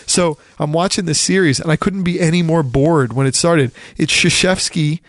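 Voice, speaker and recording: A man from the Philadelphia area chatting casually about college basketball, rambling and animated, often acting out quotes. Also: fairly high pitch, normal speed, no echo. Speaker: podcast co-host. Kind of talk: casual sports chat.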